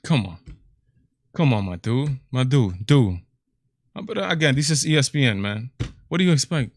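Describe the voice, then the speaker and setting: A man's voice: medium pitch, animated, normal speed, long pauses, no echo, studio quality. A man with a Latino accent hosting a political commentary livestream, exasperated and incredulous, firing off rhetorical questions. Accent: Latino English. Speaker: show host.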